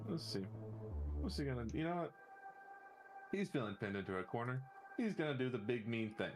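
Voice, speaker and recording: A man running a tabletop game as game master, giving relaxed, offhand rulings with fillers. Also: mid-range voice, brisk, soft background music.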